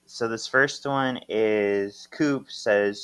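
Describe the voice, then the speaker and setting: A man's voice: measured pace, a bit bright, no echo. Dry-voiced man recapping a comic. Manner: reads comic dialogue aloud, acting out characters with big swings up in pitch. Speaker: podcast co-host. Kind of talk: casual podcast recap.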